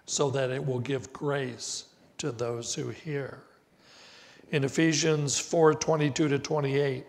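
An older man preaches slowly and deliberately, leaning hard into key words. His voice sits somewhat high for a man. The sound rings with the long reverb of a church hall. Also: gravelly. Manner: slow, deliberate preaching with emphatic rises. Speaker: pastor. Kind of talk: sermon. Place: church sanctuary.

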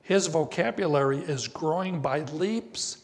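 An older man preaches slowly and deliberately, leaning hard into key words. His voice sits somewhat high for a man. The sound rings with the long reverb of a church hall. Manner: slow, deliberate preaching with emphatic rises. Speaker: pastor. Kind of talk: sermon. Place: church sanctuary.

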